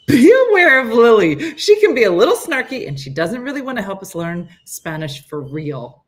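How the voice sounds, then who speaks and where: A woman's voice: fairly low pitch, big pitch swings, moderate pace. A middle-aged woman chatting casually on a morning live stream, rambling and answering viewers' comments.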